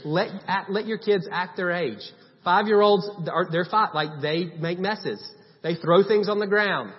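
A man's voice: sits high, measured pace. A man preaching a sermon in a conversational way, stressing points by repeating short commands. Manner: conversational preaching with emphatic repetition. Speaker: pastor. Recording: long hall reverb, dull sound.

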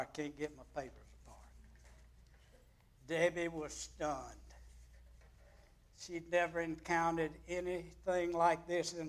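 Slow, high-voiced preacher. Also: male voice. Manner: dramatic storytelling with big swings in loudness. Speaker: pastor. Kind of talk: sermon.

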